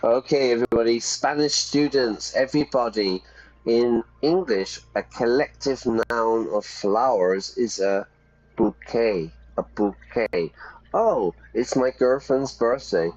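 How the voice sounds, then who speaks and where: Slow-talking teacher man. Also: mid-range voice, darkish tone, muffled recording. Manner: chatty, explains with examples and asks "yeah?". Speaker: English teacher. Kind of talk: teaching English while livestreaming a game.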